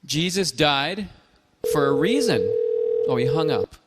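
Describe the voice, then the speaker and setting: A man's voice: on the high side, lively intonation, unhurried, in a large hall, heavy background noise. A man hosting a call-in chat show, talking earnestly and measuredly, with frequent hesitant fillers. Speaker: host.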